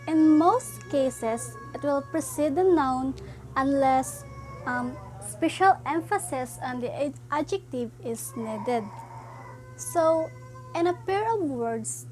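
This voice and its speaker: Slow, halting high-voiced woman teacher. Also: darkish tone, poor audio. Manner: slow, halting explanation with frequent "so" and "um". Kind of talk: classroom grammar lesson.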